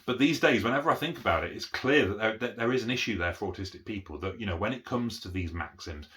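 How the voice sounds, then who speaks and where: A middle-aged man talks in one unscripted take, teaching a concept step by step. His voice sits low yet has a bright, forceful edge. He keeps stopping to ask "okay?" and often restarts his sentences as he thinks aloud. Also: expressive, fast talker. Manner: explanatory, repeats "okay?" to check understanding; frequent restarts and fillers. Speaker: autism educator.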